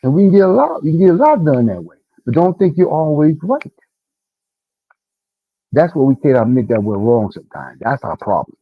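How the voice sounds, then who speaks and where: Animated man on a dull call line. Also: fairly quick, dry recording. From Detroit. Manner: animated, rising to a high pitch when venting. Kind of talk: casual panel discussion. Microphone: online call mic. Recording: dull, lo-fi online call audio.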